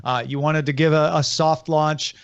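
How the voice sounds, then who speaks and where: A man with a fairly high voice reads streaming news on a podcast, brisk and exact, correcting his co-hosts. The sound is dry and a bit dull, like a cheap home mic. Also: steady tone, clean tone, no room sound. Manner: brisk, precise, corrects facts. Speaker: podcast co-host. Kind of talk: casual chat, reading news items.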